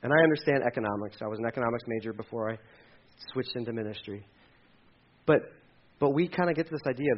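A man preaching a sermon in a conversational, animated way, acting out quoted voices. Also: medium pitch, quick pace, pauses often, dull audio. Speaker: pastor.

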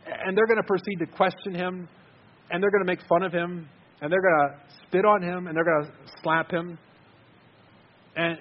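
A man's voice: fairly high pitch, highs cut off. A man giving an earnest, conversational sermon, repeating words as he stresses his points. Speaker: preacher.

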